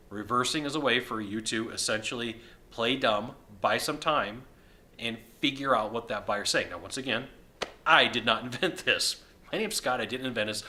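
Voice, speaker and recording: A man with a bright, forward voice records a casual video from a hotel suite. He talks in an energetic, chatty way at a middling pitch. His voice is slightly hoarse, as if he is losing it. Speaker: sales consultant. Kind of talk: casual video talk to camera.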